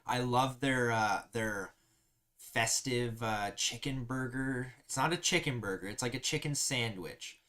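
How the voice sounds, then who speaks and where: A man's voice: medium pitch, measured pace, bright, forceful tone. A man hosting a casual live stream, chatting easily and reading viewer comments aloud with frequent laughs. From Canada.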